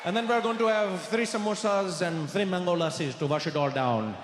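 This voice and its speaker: A man's voice: high voice, brisk, crowd noise, noisy background, lightly acted. A man doing an overconfident diner, showy. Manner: showy, overdone accent. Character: overconfident man ordering for the table. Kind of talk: stand-up comedy acting. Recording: roomy hall echo, venue ambience.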